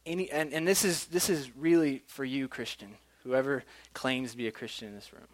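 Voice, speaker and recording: A man's voice: medium pitch, steady tone, fairly quick. A man preaching a sermon in a casual, chatty way, often restarting his words.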